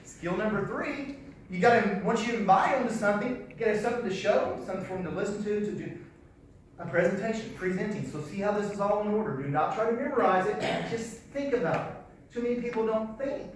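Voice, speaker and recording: A man's voice: high voice, brisk, distant mic, a little hiss or hum. Folksy male sales trainer in an echoey hall. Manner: folksy, animated, repeats key phrases. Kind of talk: live seminar teaching.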